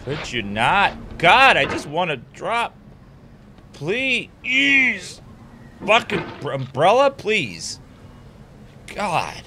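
A young man streaming a frustrating climbing game, swearing a lot and breaking into sudden angry shouts. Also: a little high, wildly swooping pitch, slow pace, slight background noise. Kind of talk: frustrated gameplay commentary.

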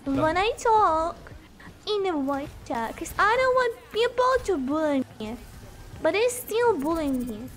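A young woman streaming a game, chatting casually, sleepy, chatty and loudly reacting to the play. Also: very high-pitched, sing-song, unhurried. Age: young adult. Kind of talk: casual gameplay chat.

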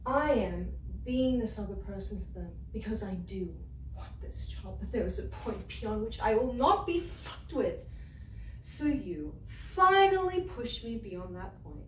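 An actress performing a stage monologue as a quick-tempered young former waitress, hurling profane, confrontational accusations. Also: female voice, medium pitch, lively intonation, roomy sound, recorded from a distance, slight background noise, natural voice. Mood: indignant. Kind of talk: theatre monologue.

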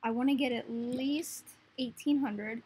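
A young woman talks casually through a video game with a high voice. She often slips into cooing baby talk at the creatures on screen, and a faint hiss sits under her voice. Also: fairly even intonation, a little slow, dark tone. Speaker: gaming video host. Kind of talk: casual gameplay commentary.

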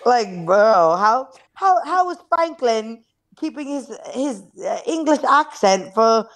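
A woman co-hosting a casual gossip podcast who laughs often and talks slowly. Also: a little high. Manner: laughs often, slow and drawn out. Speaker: podcast co-host. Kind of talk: casual group chat.

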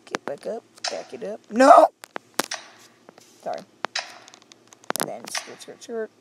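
A woman giving let's-play commentary on a video game, excitable, with silly sound effects and sudden yelps. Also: medium pitch, takes it slowly, gravelly. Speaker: gamer. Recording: loud clicking noise.

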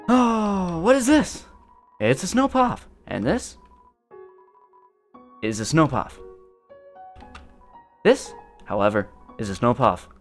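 A gamer rambling through let's play commentary in a goofy, self-amused way. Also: medium pitch. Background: game music.

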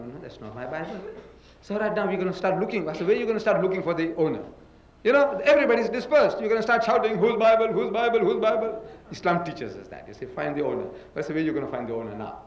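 A man's voice: on the high side, poor audio. An older man giving a public religious lecture, emphatic and full of rhetorical questions. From South Africa.

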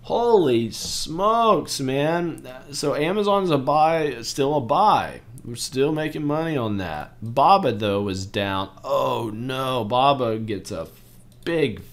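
A man in his forties hosting a trading channel, talking casually through stock charts and getting excitable over big moves. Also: medium pitch, slow pace. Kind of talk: casual chart walkthrough commentary.

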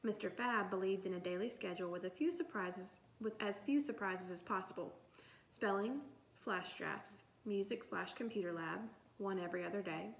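A woman narrating a children's novel in an even storytelling manner. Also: medium pitch, vocal fry, slight background noise. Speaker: audiobook reader. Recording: roomy echo.

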